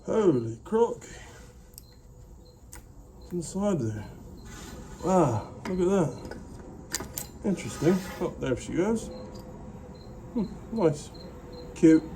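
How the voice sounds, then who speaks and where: A man's voice: sits high, sing-song, slow pace, pauses often, mellow, a little hiss or hum. Chatty man muttering through a DIY build. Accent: mixed English accent. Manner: chatty, muttering to himself as he works. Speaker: DIY maker. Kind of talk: casual workshop narration.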